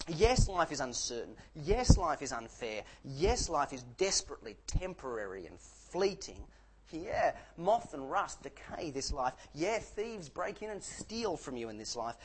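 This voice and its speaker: A man preaching a sermon in an animated, jokey way, with sarcastic asides. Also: on the high side, a little slow, slight background noise, poor audio.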